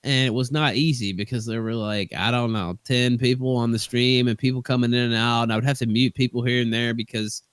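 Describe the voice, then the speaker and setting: A man's voice: mid-range voice, fairly even intonation, fairly quick, hardly any pauses, clear, resonant tone, no room sound. A man speaking as a guest on a casual online call, telling his story at length. He rambles and hedges and keeps restarting his sentences. The sound is dry and close, recorded over a voice call. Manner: rambling, hedging, many restarts. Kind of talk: casual stream chat.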